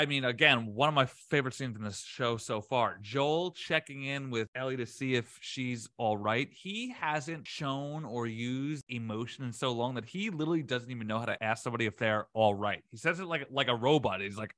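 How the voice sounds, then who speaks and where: A man with a bright, forceful voice leads a casual podcast recap. He talks with energy and throws in a curse now and then. His sound is close and dry. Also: mid-range voice, animated, normal speed, hardly any pauses, no echo. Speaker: podcast host. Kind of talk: casual chat, recapping episodes.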